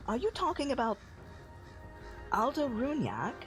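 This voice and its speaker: A man voicing a stern, impatient young woman guard in a tabletop game, pitching his voice up. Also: huge pitch swings, measured pace, a bit bright, soft background music, full character voice. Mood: curt. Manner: curt, exasperated.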